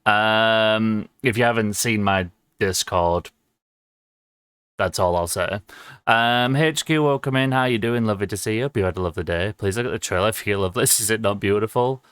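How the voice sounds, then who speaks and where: A young man talks to his stream chat in a low, relaxed voice, rambling with plenty of ums and quick laughs. The sound is dry and close, with no room echo around him. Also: clear, resonant tone. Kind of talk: casual livestream chat with viewers.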